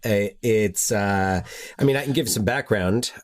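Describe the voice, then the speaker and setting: A man's voice: fairly low pitch, a little slow. A man hosting a podcast in casual chat, thinking aloud with frequent restarts. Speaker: podcast host.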